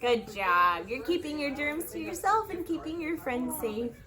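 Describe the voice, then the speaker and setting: A woman's voice: high-pitched, crowd noise. A woman reading a children's story aloud at story time, sing-song and playful, drawing out the rhyming lines. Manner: sing-song, animated, slow and drawn-out.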